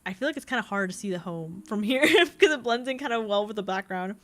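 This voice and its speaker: A woman's voice: medium pitch, lively intonation, fast talker, fairly bright tone. A young adult woman streaming a game, chatting casually and laughing often as she reads chat. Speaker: VTuber streamer. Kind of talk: casual live-stream chat while gaming.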